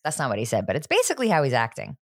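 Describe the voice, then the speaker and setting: A woman's voice: a bass voice, huge pitch swings, very fast, no room sound. Sarcastic woman with a dry close sound. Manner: jokey, sarcastic, swears casually. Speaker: podcast co-host. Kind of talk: casual chat recapping a TV show.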